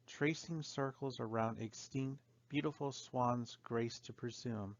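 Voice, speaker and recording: Slow, somber man reading dark poems. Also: mid-range voice, no echo. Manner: slow, somber and measured, trailing off softly at line ends. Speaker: audiobook narrator. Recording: dull, dry lo-fi recording.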